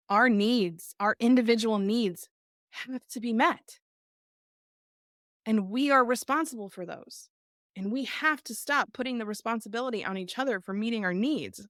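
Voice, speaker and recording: A woman's voice: medium pitch, a bit bright, no room sound, studio quality. A middle-aged woman hosting a podcast, speaking earnestly and tearfully in a reflective live talk, repeating phrases for emphasis. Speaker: podcast host.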